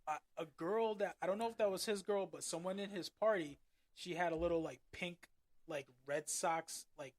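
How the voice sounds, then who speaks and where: A man guesting on a casual podcast, telling excited, profane stories and laughing loudly. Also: high voice, normal speed. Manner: excited, swearing storyteller who laughs loudly. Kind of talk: casual chat.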